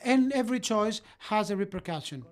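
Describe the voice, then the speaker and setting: A live voice-over interpreter carries a parenting lecture sentence by sentence. The delivery is halting, with frequent fillers and quick self-corrections, at a middle pitch. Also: expressive.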